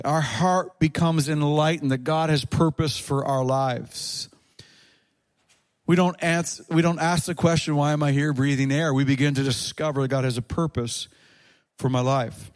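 A man preaching a sermon to his church, leading the congregation in call-and-response and stressing points with repetition. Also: fairly high pitch. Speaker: pastor.

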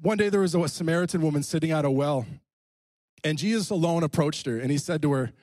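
A man's voice: a little high, fast, darkish tone, no echo. A male preacher giving a fervent sermon in a church, repeating phrases and calling out to the congregation. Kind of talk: sermon with altar call.

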